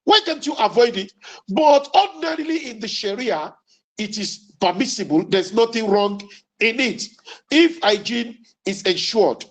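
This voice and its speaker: A man giving a religious lecture as an Islamic preacher, deliberate and emphatic, quoting Arabic sayings and repeating key lines. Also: high voice, lively intonation, low-quality recording. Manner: quotes Arabic sayings then explains them.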